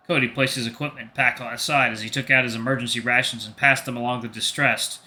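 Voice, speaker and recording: A fast talker with a mid-range voice and hardly any pauses, a man hosting a gaming channel reads a story game's text aloud. Between stretches of steady narration, he reacts casually.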